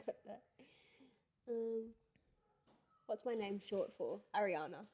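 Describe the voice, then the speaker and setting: A young woman co-hosting a podcast, chatting casually with dry quick quips and laughter. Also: mid-range voice, mellow, a little hiss or hum. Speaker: podcast co-host. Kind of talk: casual chat.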